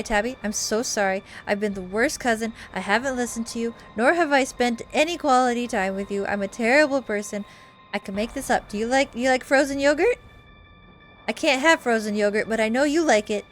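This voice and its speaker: A woman's voice: on the high side, a little fast, soft background music. Chatty woman game streamer. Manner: apologetic, effusive, chatty. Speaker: let's play host. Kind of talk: gameplay commentary.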